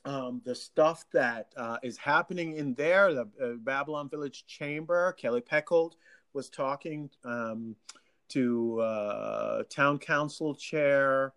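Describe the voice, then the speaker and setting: A local official talking casually to residents in an animated way, laughing often and restarting sentences. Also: mid-range voice, slow pace. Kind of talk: casual livestream talk.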